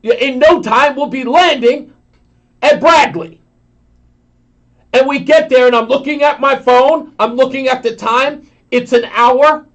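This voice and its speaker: A man hosting a talk radio show, telling a long story in an animated way and acting out the voices of the people in it. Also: extremely high pitch, unhurried, long pauses.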